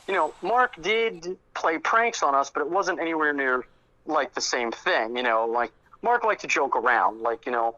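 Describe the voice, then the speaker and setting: A man with a bright, forceful voice recounts old stories in animated, chatty fashion, slipping into the voices of the people he quotes. His voice sits a bit high for a man. The audio is dry and dull, like a lo-fi call recording. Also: dry recording. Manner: animated, acts out quoted dialogue in raised voices. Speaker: guest, close friend recalling the deceased. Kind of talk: conversational storytelling. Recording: muffled lo-fi audio.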